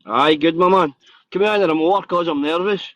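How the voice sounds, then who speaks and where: Nervous, excitable Scottish man. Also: fairly high pitch, normal speed, no room sound. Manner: excitable, nervous, swears freely. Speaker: podcast host. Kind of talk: casual live-stream chat.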